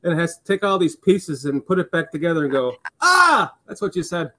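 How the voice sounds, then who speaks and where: A man's voice: fairly high pitch, quick pace. Casual swearing man host. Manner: casual, swears, laughs easily. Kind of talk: casual chat.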